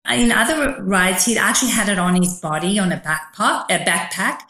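A woman's voice: mid-range voice, moderate pace, sharp tone. A middle-aged woman, an author, telling a personal story as an interview guest in a vivid, emphatic way. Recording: roomy echo.

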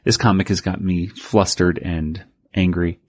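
A man's voice: low voice, steady tone, a little slow, slightly rough. A man co-hosting a podcast, recapping a comic in a rambling, self-interrupting way with frequent laughs. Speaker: podcast co-host. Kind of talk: casual chat.

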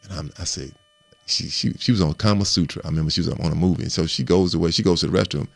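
Male guest, very low and rough-edged voice, chatty storyteller with lots of restarts, dry close sound. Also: fast talker, dry recording. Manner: animated storyteller who repeats and restarts words and acts out quotes. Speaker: guest recounting his playing career. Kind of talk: casual storytelling interview.

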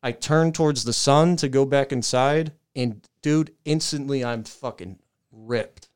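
A young man on a podcast, telling a long profane story in a casual, animated way and laughing as he goes. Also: mid-range voice, a little slow, clean tone. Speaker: podcast co-host.

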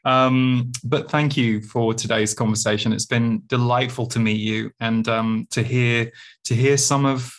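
A man's voice: medium pitch, fairly even intonation, unhurried. A man hosting a spiritual podcast, speaking thoughtfully and reflectively. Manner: thoughtful, reflective, with many restarts. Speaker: podcast host. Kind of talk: casual interview chat.

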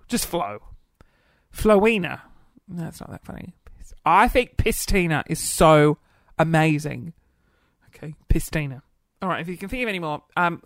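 A young man hosting a podcast in casual solo chat, camp and flamboyant, running off into quick asides. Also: fairly high pitch, a bit bright, no echo, studio quality. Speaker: podcast host.

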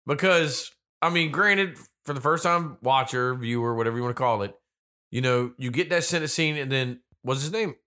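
A man's voice: mid-range voice, normal speed, bright, forceful tone. A man co-hosting a casual movie-review chat, riffing sarcastically and swearing freely. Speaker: podcast co-host.

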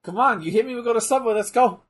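A man's voice: very high voice, quick pace. A man voicing an older male wrestler who coaxes and goads a younger man in a wheedling way. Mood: coaxing. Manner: wheedling, cajoling. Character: coaxing older male wrestler, goading nephew.

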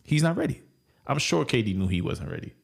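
A man's voice: mid-range voice, very animated, fairly quick, creaky, husky. A man co-hosting a casual sports talk show, speaking bluntly and in slang.

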